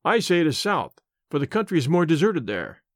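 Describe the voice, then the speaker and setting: A man reading the part of a bluff police inspector, hearty and confident and quick to exclaim. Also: on the high side, very animated, no room sound, studio quality. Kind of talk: audiobook character reading.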